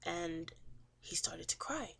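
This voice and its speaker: A woman's voice: fairly low pitch, expressive, slow, creaky, a bit bright, breathy edge. Chatty woman student retelling a novel. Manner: chatty, says "he was like" and "um" often. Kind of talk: casual book summary.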